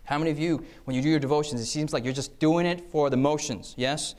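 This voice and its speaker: Man, preacher, higher-pitched voice, sermon talk, storytelling, asks the audience questions. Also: fast talker, darkish tone. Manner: engaging, checks in with listeners with "okay?" and "yes?"; acts out quoted voices mid-story. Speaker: preacher giving a talk on time management.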